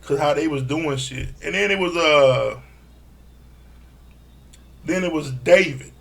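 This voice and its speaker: A man with a gravelly, creaky voice pitched a bit higher than most men. He talks through a reality show recap in a loose, animated way, swearing as he goes and acting out what each person said. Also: slow pace. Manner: animated, profane, acts out quotes. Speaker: reality TV reviewer. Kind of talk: casual recap commentary.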